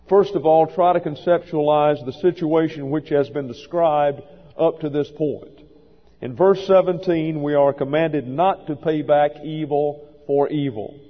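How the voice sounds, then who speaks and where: A male pastor giving a measured, methodical verse-by-verse Bible teaching sermon in a church. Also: fairly high pitch. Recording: dull lo-fi sound with long hall reverb.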